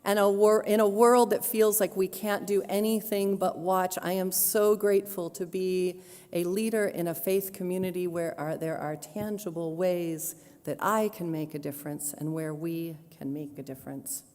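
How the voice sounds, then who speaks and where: A woman minister giving a sermon to her congregation, earnest and pastoral with touches of gentle humor. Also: on the low side, fairly even intonation, normal speed. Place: church sanctuary. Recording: long hall reverb.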